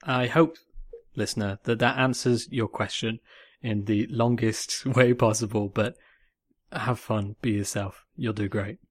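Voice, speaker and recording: A man from North West England, co-hosting a casual podcast in a jokey, animated way and repeating phrases for emphasis. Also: lowish voice, unhurried, no echo, clean studio sound. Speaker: podcast co-host.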